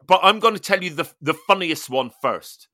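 A man hosting a podcast, telling a funny story in casual chat with animated, laughing delivery. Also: fairly high pitch, moderate pace, no room sound, studio quality. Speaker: podcast host.

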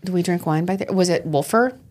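Chatty Long Island woman, lowish voice. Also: fast. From Long Island, New York. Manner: animated, laughing, storytelling. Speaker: podcast co-host. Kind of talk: casual chat.

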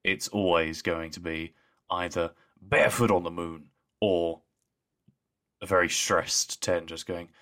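A man co-hosting a podcast in casual chat, relaxed and a bit hesitant, laughing easily. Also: sits low, a little slow. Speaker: podcast co-host.

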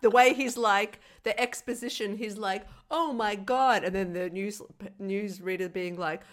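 Excitable sweary woman podcast co-host. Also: medium pitch, normal speed. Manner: excitable, swears freely, mimics people. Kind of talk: casual chat.

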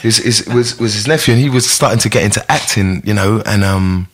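A man, an actor telling a story in a relaxed podcast chat, swearing freely. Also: lowish voice, fairly quick, slightly rough. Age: 30s. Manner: swearing, storytelling, self-correcting. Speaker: actor guest.

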